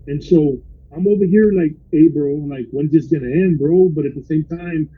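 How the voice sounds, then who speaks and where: A man's voice: fairly high pitch, normal speed, slightly rough, narrow, tinny audio. A man who drives for a rideshare service, casually telling a wild story from inside his car, quoting his riders and saying "bro" again and again. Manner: animated retelling with constant "bro".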